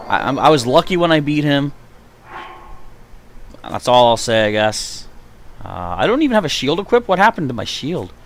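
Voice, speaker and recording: A man's voice: on the high side, fairly bright tone, a little hiss or hum. A man chatting to himself and his viewers while playing through a live stream, reacting as he goes. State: hiccuping. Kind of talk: gameplay live stream commentary.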